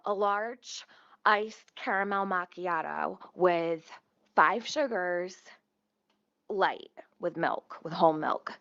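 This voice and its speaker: A woman at home telling a casual storytime, profane, rambling and animated. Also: medium pitch, dry recording, highs cut off. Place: at home near her kitchen stove.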